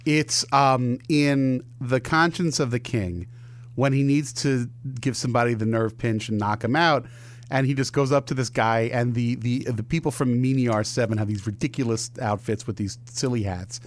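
A man's voice: medium pitch, normal speed. A man hosting a podcast, chatting enthusiastically and rambling with restarts. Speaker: podcast host. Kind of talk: casual chat.

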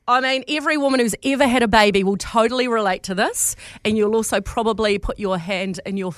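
An emphatic New Zealand woman hosting a radio show, making her points with conviction. Her voice is a touch high and sounds dry in the studio. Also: quick pace, dry recording. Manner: earnest, preachy, emphatic. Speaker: radio host. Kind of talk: radio talk show chat.

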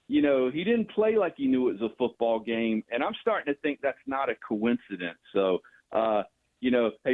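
Brief: male caller, lively up-and-down delivery, tinny phone line. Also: mid-range voice. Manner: animated, rambling, mocking. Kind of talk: sports talk radio call.

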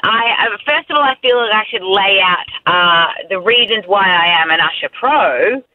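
A woman's voice: mid-range voice, expressive, normal speed. A woman with an Australian accent, a music radio host calling in, confident and joking. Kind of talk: phone-in chat. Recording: tinny phone line.

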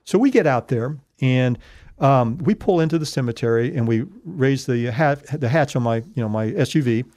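A man's voice: medium pitch, animated, moderate pace, a little mellow, no echo, clean studio sound. A man recounting a paranormal investigation in a casual, rambling way, full of fillers and restarts. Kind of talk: casual storytelling.

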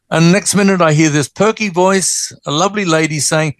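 An older Australian man, a guest, telling stories in a folksy, animated way. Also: on the high side, normal speed, few pauses, no echo. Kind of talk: storytelling interview. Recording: dry close studio sound.

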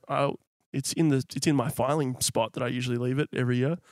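A man's voice: medium pitch, racing, few pauses, no echo, clean studio sound. A young Australian man co-hosting a casual chat, telling a self-mocking story. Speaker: podcast co-host.

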